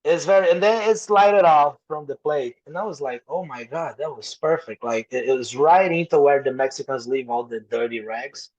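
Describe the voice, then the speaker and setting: A young adult man, a native Portuguese speaker with a Brazilian accent, tells stories as a podcast guest in a casual way. His voice sits on the high side and is expressive and a little mellow, moving a bit fast with few pauses. He acts out quoted voices and swears freely, and the sound is lo-fi.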